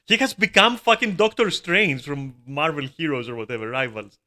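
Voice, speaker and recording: Bright-voiced man cursing through gameplay. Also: medium pitch, expressive, moderate pace. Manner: swears often, laughs, exclaims in dismay. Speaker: gamer streaming a raid. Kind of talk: live gameplay commentary.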